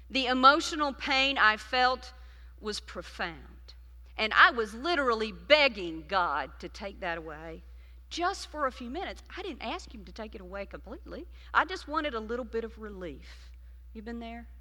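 A woman preacher delivering a sermon, swinging between loud emphasis and hushed, intimate passages. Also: mid-range voice. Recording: long reverb of a large hall.

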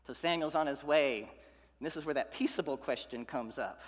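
A man's voice: a little high, moderate pace, husky. Preaching man in a reverberant hall. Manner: preaching with rhythmic repetition and swings from loud to hushed. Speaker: pastor. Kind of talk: sermon.

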